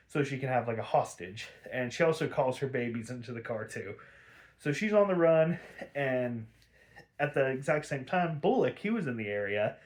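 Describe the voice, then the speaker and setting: A young man hosting a podcast, recapping an episode casually in a rambling, profane, laughing way. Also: mid-range voice. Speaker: podcast host.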